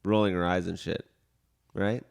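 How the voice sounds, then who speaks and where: A man co-hosting a casual comedy podcast, dropping deadpan one-liners. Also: deep voice, normal speed, creaky, clean tone. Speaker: podcast co-host.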